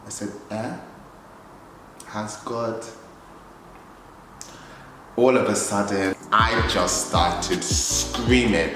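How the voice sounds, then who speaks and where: A man in his twenties, a church leader, telling his story in an animated way, acting out his own reactions. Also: fairly low pitch, drawn-out words, long pauses. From England. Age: 20s. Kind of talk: storytelling vlog. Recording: very echoey hall with music behind.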